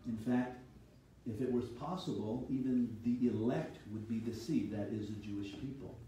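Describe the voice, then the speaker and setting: A man's voice: mid-range voice, normal speed, mellow, distant mic, a little hiss or hum. A man preaching a sermon as a pastor, teaching steadily and reading scripture aloud. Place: church sanctuary. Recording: echoey hall, voice from off-mic.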